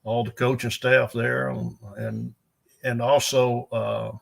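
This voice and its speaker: A man's voice: mid-range voice, very animated, takes it slowly, gravelly. An older man, a strength coach telling rambling, folksy stories in an interview. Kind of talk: storytelling in an interview.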